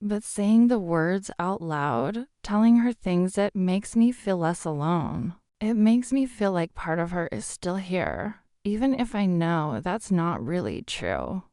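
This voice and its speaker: A woman voicing a quiet, reserved middle-aged widowed father who speaks in a subdued, guarded way. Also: fairly low pitch, sing-song, slow, hardly any pauses, dry recording, clean studio sound, heavily acted.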